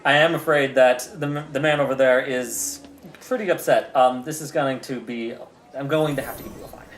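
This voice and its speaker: A man's voice: medium pitch, fairly even intonation, brisk, natural voice. A man voicing a fawning male police officer in a tabletop game, gushing and apologetic, recorded in a roomy space. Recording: roomy echo.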